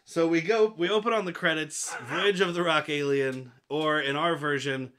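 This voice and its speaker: A man's voice: on the high side, steady tone, moderate pace, pushed and bright. A man on a comedy podcast, rambling through a movie recap and laughing often. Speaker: podcast host. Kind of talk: casual comedy podcast chat.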